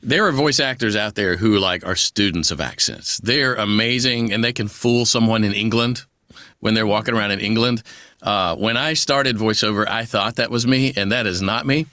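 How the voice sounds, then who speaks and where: A man who works as a voice actor, chatting in an interview in a rambling, easygoing way with quick asides. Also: lowish voice, pushed and bright, dry recording, clean studio sound. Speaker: voice actor guest. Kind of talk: conversational interview.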